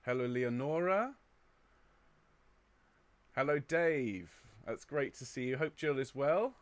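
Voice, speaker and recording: A chatty man from England hosting a choir live stream, greeting viewers and reading out their comments in a relaxed, upbeat way. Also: mid-range voice, takes it slowly, dry recording. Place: indoor room overlooking a square.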